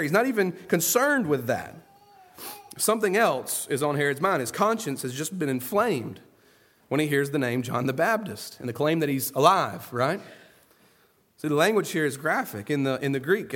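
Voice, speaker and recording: A man preaching an earnest sermon, moving between soft, low asides and loud, emphatic stresses. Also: lively intonation, moderate pace. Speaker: pastor.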